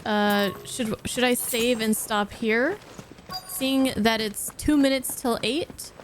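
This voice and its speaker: A woman's voice: a little high, steady tone, slow, slight background noise. A woman streamer giving chatty, sarcastic live commentary while playing a game.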